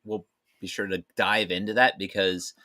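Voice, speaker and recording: A man's voice: low voice, steady tone, moderate pace, bright, forceful tone. A man co-hosting a casual live-stream chat about movies, playful and prone to silly voices. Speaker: co-host.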